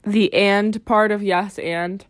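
A young woman co-hosting a casual podcast. She answers with dry understatement. Her pitch sits in the ordinary middle range. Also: steady tone, slow. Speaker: podcast co-host. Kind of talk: casual chat.

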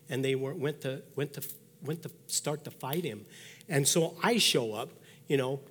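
A man in his sixties preaches a sermon as a pastor, spinning personal stories in a folksy way and voicing the thoughts he quotes. His mid-pitched voice rings out with a long reverb from a large hall.

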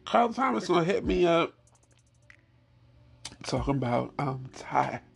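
A man telling a funny personal story in casual chat, animated and laughing often, swearing freely and repeating his punchlines. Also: fairly high pitch, unhurried, vocal fry, slightly rough.

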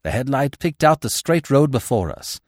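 Male audiobook narrator, very animated pitch, dry close sound. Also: moderate pace, no room sound. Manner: expressive, theatrical storytelling. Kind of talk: scripted dramatic narration.

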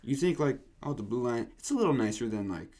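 A man's voice: medium pitch, animated, fast talker, a little mellow. Young man, dry storytelling. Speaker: podcast co-host. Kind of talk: casual chat.

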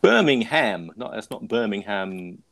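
A man's voice: fairly low pitch, moderate pace, vocal fry. A man hosting a podcast, telling a story in a rambling, self-mocking way with lots of restarts. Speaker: podcast host. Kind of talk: casual chat.

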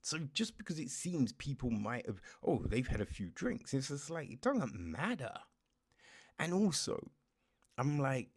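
A man giving a casual film review, profane and animated, often dropping into a whisper and checking in with the listener. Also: medium pitch. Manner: keeps checking in with "you know what I mean".

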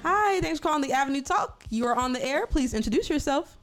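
Woman host, high and lively voice, teasing, takes calls on live talk show. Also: quick pace, soft background music. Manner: playful and teasing, laughing often.

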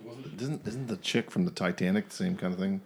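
A man's voice: low-pitched, brisk, a little mellow, breathy edge. A man co-hosting a podcast with dry wisecracks. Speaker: podcast co-host. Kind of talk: casual chat.

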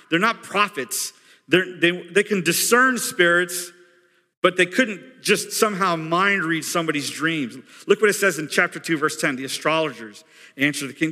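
A man preaching a sermon as pastor, in a conversational, animated storytelling way. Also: fairly high pitch. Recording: long hall reverb.

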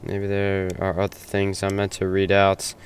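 A man's voice: low voice, completely flat delivery, unhurried, a little hiss or hum. A man playing a bewildered junior innkeeper. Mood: puzzled. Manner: hesitant, rambling, with many ums and restarts. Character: bewildered young male junior innkeeper, earnest and unsure. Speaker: stand-in host. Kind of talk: hobby audio drama monologue.

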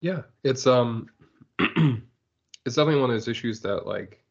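A man co-hosting a casual podcast chat, talking haltingly with many "like"s and restarts. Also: mid-range voice, lively intonation, vocal fry, lo-fi sound. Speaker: podcast co-host.

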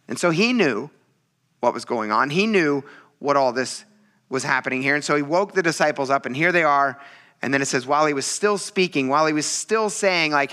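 Bright-voiced casual male preacher. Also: on the high side, fast. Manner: casual, joking preaching with acted quotes. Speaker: pastor. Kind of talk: sermon.

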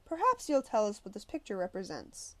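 A woman's voice: mid-range voice, wildly swooping pitch, fairly quick. A woman reading a novel aloud and voicing a stern, demanding older male teacher who speaks in a formal, exacting way.

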